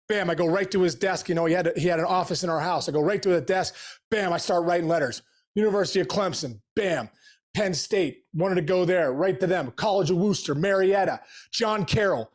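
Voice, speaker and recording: Fast-talking high-pitched man telling stories. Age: middle-aged. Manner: energetic, animated storytelling with slangy asides. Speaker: podcast guest, former pro baseball player. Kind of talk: casual storytelling interview.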